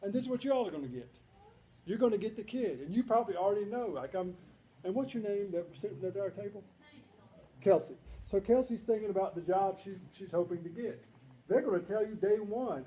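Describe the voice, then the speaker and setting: A man with a high voice talks a little fast at a banquet, giving a conversational, humorous presentation of stories with animated quoted voices. The banquet hall is echoey, carrying faint ambience.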